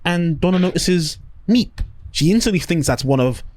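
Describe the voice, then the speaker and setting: A man co-hosting a casual review podcast, swearing a lot and acting out scenes in shrill voices. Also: a little fast, darkish tone, dry recording. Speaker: podcast co-host.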